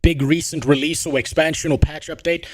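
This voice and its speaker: A man's voice: fairly high pitch, steady tone, a little fast. A man streaming live, talking bluntly and profanely in a ranting commentary. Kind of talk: casual livestream commentary.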